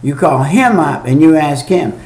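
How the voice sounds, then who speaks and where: Guy preaching a homemade sermon, kinda high voice, folksy and repeats himself a lot, roomy echo. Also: expressive, a little mellow. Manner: folksy, repetitive preaching with slow read-aloud scripture. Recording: echoey room.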